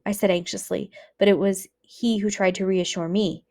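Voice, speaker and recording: A woman teacher reading a book aloud for students in a measured, earnest way. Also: mid-range voice, steady tone, warm tone.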